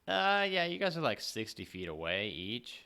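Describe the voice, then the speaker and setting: A game master narrating a tabletop game in a relaxed, halting way, with fillers and laughs. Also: medium pitch.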